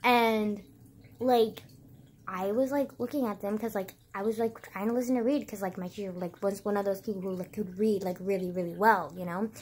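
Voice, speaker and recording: A young woman vlogger rambles casually through childhood stories for her viewers, peppering them with "like" and swearing. Her medium-pitched voice is a little mellow, with fairly even intonation and a fairly quick pace, and there's slight background noise.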